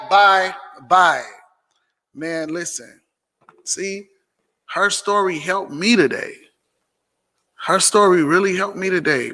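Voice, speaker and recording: Bright-voiced man hosting a casual live chat. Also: fairly high pitch. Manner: animated, repetitive, slangy. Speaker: host of a live Q&A.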